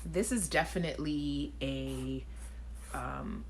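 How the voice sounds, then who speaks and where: A woman's voice: deep voice, takes it slowly, slight background noise. A woman hosting a live chat show, talking casually to viewers, reading out their comments and laughing. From Caribbean.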